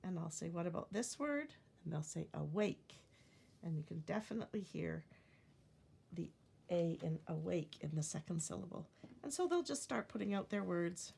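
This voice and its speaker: A middle-aged woman teaches a phonics lesson in a calm, patient way. Her voice is a little low and has a gravelly edge. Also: a little hiss or hum.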